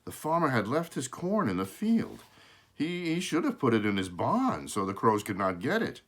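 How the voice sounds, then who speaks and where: A man reads a children's storybook aloud in an animated way, his voice swooping high and low as he tells it. He stops now and then for casual asides to show the pictures, and corrects his small slips as he goes. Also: normal speed. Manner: shows pictures while reading.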